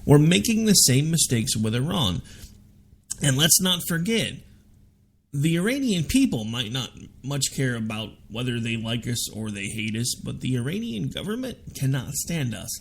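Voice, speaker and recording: Gravelly opinionated talk radio man. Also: mid-range voice, big pitch swings, moderate pace, a little hiss or hum. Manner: forceful, opinionated, argumentative. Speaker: radio talk show host. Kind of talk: political debate on talk radio.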